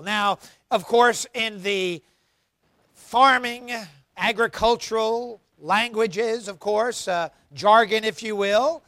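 A man preaching a sermon as pastor, emphatic, swinging between loud emphasis and quiet asides. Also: very high-pitched, dry recording, clean studio sound. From United States.

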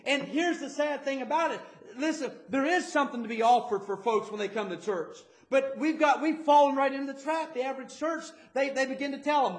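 High-voiced fervent preacher man. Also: fairly quick, few pauses, echoey room. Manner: stammering repetitions, fervent preaching. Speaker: pastor. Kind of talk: sermon.

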